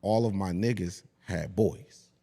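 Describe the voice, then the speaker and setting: A man around forty, a podcast guest, chatting casually and telling stories in a profane, animated way. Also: low voice, unhurried, vocal fry.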